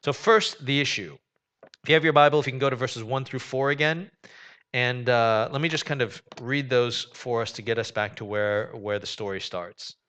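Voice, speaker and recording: A man preaching a sermon, conversational and animated, with joking asides. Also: mid-range voice, normal speed, clear, resonant tone. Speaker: pastor.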